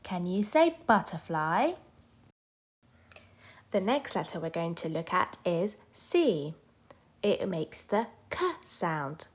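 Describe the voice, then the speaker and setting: A woman teaches young children their letters. She talks slowly, with a lively voice that rises and falls, and she stretches each letter sound so the little ones can repeat it. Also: fairly low pitch, slightly rough. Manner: slow, sing-song, sounding out letters for children. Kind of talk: children's phonics lesson.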